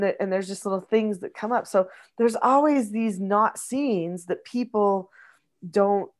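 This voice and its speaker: A woman's voice: medium pitch, a little mellow. A middle-aged woman, a mother, talking casually and reflectively about parenting, explaining her ideas with frequent restarts. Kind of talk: casual conversational advice.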